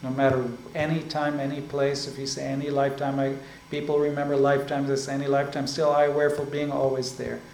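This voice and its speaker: A man's voice: medium pitch, completely flat delivery, gravelly, darkish tone. Man teaching in an echoey room. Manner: unhurried, explaining, often adds "right?" and "like this". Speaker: spiritual teacher. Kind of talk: spiritual discourse. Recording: echoey room with faint ambient noise.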